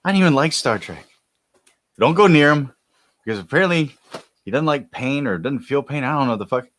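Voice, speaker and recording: A man's voice: mid-range voice, lively intonation, a little fast, a bit bright. A man co-hosting a podcast, chatting casually with rambling, profane jokes. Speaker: podcast co-host. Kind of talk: casual comedic chat.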